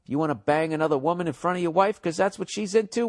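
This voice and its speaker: A podcast host with a fairly high, slightly cracked voice talks fast on his comedy show, rambling profanely and sarcastically while reading out and mocking listener emails.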